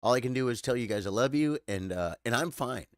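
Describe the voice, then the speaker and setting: A man chatting live with his viewers, tired and choked up, halting and repeating words as he talks. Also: mid-range voice, expressive, no echo, clean studio sound. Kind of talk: casual live-stream chat.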